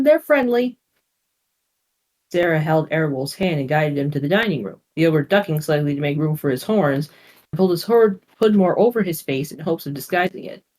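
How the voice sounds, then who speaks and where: A reader narrating a fantasy story aloud in a steady, plain manner. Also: medium pitch.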